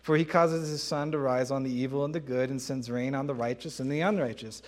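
A man's voice: medium pitch, steady tone, fairly quick. A man preaching a sermon with a mid-range voice. He talks in a conversational, emphatic way, tossing rhetorical questions at his listeners and laughing lightly between points.

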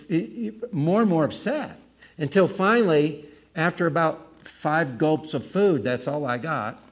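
Man, preacher, anecdotal storytelling, animated, self-mocking asides, acts out the scene. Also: fairly high pitch.

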